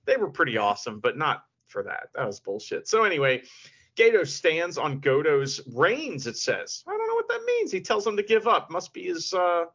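A man co-hosting a podcast in casual chat, excitable and profane, with laughing asides. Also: on the high side, moderate pace, husky. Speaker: podcast co-host. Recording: dull lo-fi sound.

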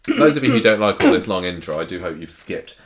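A man's voice: low-pitched, lively intonation. A British man co-hosting a podcast, chatting casually and laughing at himself while answering quiz questions. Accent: British English. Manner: chatty, self-mocking, quick to laugh. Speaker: podcast co-host. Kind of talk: casual chat, quiz contestant.

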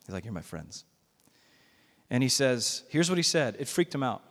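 A man's voice: medium pitch, sing-song, moderate pace. A man preaching a sermon as pastor, conversational and emphatic, recorded in a church sanctuary. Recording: long reverb of a church hall.

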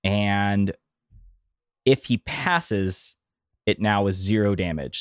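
Lively rules-lawyer man at a gaming table. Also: fairly low pitch, dry recording, studio quality. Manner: rules-focused, quick to argue a point. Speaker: player. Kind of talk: tabletop game banter.

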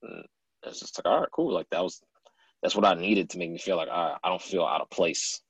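Husky, low-voiced man, gravelly. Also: brisk, no room sound, rough recording. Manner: laid-back storyteller, lots of fillers. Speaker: guest actor. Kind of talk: casual chat.

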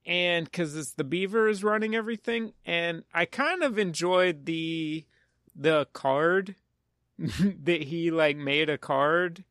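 A man's voice: on the high side, slow pace, fairly bright tone, no echo, clean studio sound. A man casually recapping a film's plot on a podcast, rambling and poking fun at himself. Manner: rambling, self-mocking plot summary. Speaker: podcast co-host. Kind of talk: casual movie-recap chat.

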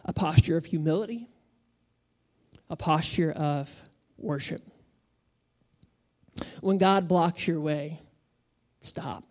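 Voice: mid-range voice, fairly even intonation, slow, long pauses, darkish tone. Conversational, humorous pastor. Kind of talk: sermon.

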